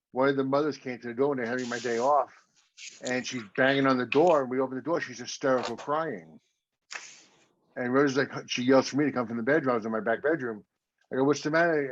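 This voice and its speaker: A man's voice: mid-range voice, steady tone, a little fast, lo-fi sound. A married man co-hosting a podcast, telling blunt stories in casual chat. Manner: blunt storyteller, acts out phone calls. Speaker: podcast co-host.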